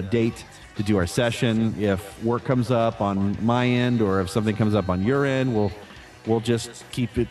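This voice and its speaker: A man who works as a voice actor, answering interview questions in a relaxed, chatty way with frequent fillers and restarts. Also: lowish voice.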